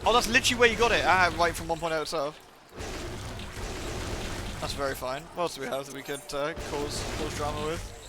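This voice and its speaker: A man's voice: on the high side, fairly quick, pauses often, background noise. A man chatting casually and playfully while live-streaming a game, reacting aloud and thanking viewers. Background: game music.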